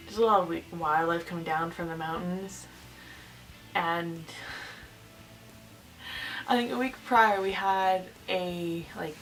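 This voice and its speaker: Teen girl vlogger, chatty and giggly, full of fillers; distant camera mic with soft music. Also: medium pitch. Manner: rambling, giggly, lots of fillers. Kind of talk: casual storytelling.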